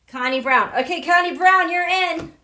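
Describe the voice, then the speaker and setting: A woman's voice: very high-pitched, sharp tone. A woman hosting a live tarot stream, chatting casually with viewers and reading their comments aloud. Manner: chatty, reads viewer comments aloud, recites quotes slowly.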